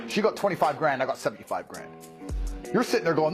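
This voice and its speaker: A man's voice: on the high side, very animated, fast, music in the background. A man ranting in a brash, combative and mocking way, with a lot of swearing. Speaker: media personality. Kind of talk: brash profane rant.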